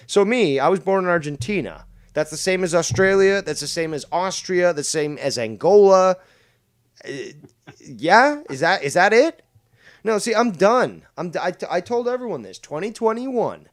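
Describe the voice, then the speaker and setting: A man's voice: high voice, sing-song, normal speed. A man hosting a podcast in casual chat, blunt, heated and full of profanity. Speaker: podcast host.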